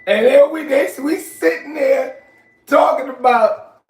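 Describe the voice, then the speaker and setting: A man, telling stories from his youth in casual, animated talk, often asking "you know what I'm saying". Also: extremely high pitch, slow pace, a little hiss or hum. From New York. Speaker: host. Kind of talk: casual storytelling. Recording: echoey room, far from mic.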